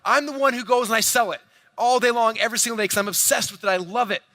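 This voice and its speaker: A man on stage giving a sales talk to a big crowd. He speaks fast and with lots of energy, in a high voice that stays close and dry even though he is in a large hall. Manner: energetic, playful, addresses audience directly.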